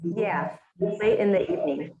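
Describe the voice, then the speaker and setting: A woman's voice: medium pitch, measured pace, reverberant, highs cut off, a loud crowd, natural voice. A woman playing an easygoing speaker in a scripted textbook dialogue, with a plain, matter-of-fact delivery.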